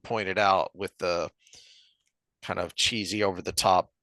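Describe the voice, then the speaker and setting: Bright, crisp-sounding man discussing a book. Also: sits low, fairly even intonation, no room sound. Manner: halting, reads passages aloud, many restarts. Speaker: podcast co-host.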